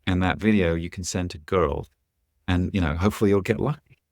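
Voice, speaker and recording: Man playing a blunt, playful hospital clown; deep, matter-of-fact delivery. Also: a little fast, a little mellow, dry recording, clean studio sound. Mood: deadpan.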